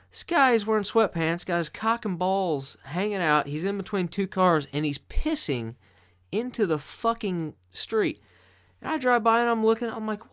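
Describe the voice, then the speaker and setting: A man's voice: high voice, animated, moderate pace, fairly bright tone. A man hosting a podcast, delivering a casual, profanity-laden monologue full of exasperation. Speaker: podcast host.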